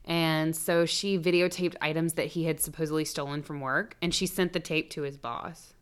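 A woman's voice: deep voice, fairly even intonation, moderate pace, smooth. A woman co-hosting a podcast, recounting a true-crime case in casual chat, swearing freely and adding jokey asides. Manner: chatty, swearing, storytelling with asides. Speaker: podcast co-host.

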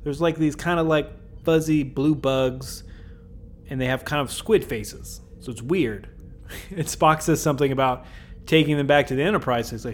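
A man's voice: a little high, moderate pace, slight background noise. A young man hosting a podcast, chattily recapping episodes, laughing and slipping into silly character voices. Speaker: podcast host.

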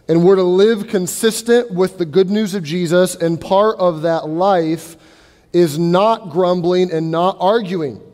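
A man's voice: on the high side, dark tone, in a large hall. A male pastor preaching a sermon, conversational and playful, acting out complainers' voices for humor.

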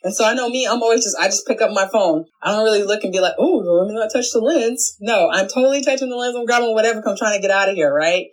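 Speaking directly into her phone camera from a home office, a young adult woman who coaches people on social media video shares casual tips in a chatty, animated manner. Her mid-range voice hops between quick asides and playful little character voices, staying loose and friendly, though the recording is rough.

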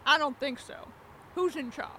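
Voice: sits high, normal speed, sharp tone, a little hiss or hum. A performer voicing a rich, domineering female mob boss in a comedy audio drama, speaking in an imperious, insulting way.

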